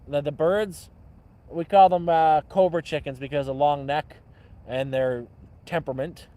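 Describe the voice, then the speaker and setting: A man hosting a livestream in casual, rambling chat, jumping between loud bursts and low mutters. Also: fairly even intonation, unhurried. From Canada. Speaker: livestream host. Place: outdoors by a campfire.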